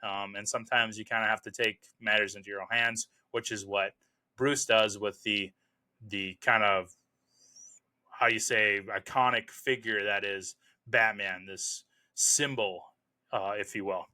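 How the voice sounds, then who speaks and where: A young adult man hosting a casual film review, talking in a relaxed, rambling way with many fillers. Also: on the low side, unhurried.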